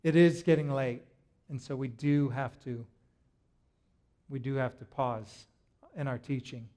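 A man preaching a sermon, retelling a story in a lively way and often stopping to restart his words. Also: mid-range voice, a little slow. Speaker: pastor.

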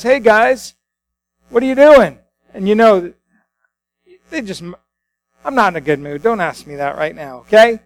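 A man's voice: high voice, dry recording, low-quality recording. A man, a pastor, preaching a sermon in a conversational storytelling way with frequent restarts.

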